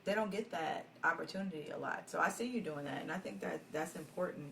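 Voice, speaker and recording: A woman's voice: on the low side, fast, creaky, fairly bright tone, distant mic, a little hiss or hum. A woman co-hosting a podcast, chatty and affirming, agreeing often in casual conversation. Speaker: podcast co-host. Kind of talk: casual chat.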